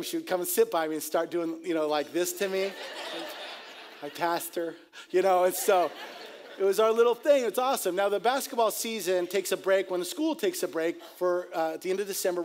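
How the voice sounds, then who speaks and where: A middle-aged man, a pastor, preaching a sermon and telling stories in an animated, jokey way, laughing at his own tales. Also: sits high, fairly quick, a little hiss or hum. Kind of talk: sermon with storytelling.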